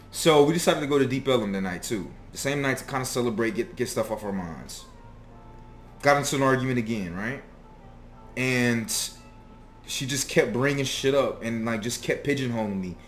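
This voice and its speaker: A man's voice: mid-range voice, a bit bright. A young man candidly telling a personal story in a casual, confessional way, swearing freely and getting emotional.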